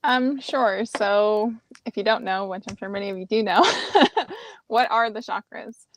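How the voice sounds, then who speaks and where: A woman with a medium-pitched voice speaks as a guest teacher. She explains things gently and steadily and laughs often. Her voice sounds dry and close, with no room echo. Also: measured pace. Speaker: guest, crystal and chakra teacher. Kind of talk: casual chat and explanation.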